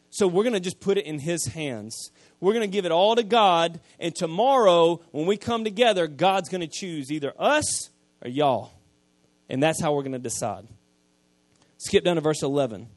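A man, preaching a sermon, retelling scripture in casual everyday speech and swinging from quiet asides to loud emphasis. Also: a little high, animated, moderate pace, no echo. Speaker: pastor.

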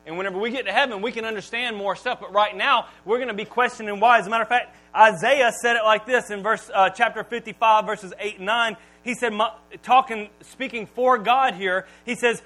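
A man preaches with a high, bright voice, punching certain lines loudly and then dropping to quiet asides. A faint electrical hum sits under the recording. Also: fairly quick, few pauses, low-quality recording. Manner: animated, swings from loud emphatic lines to quiet asides. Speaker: pastor. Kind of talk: sermon.

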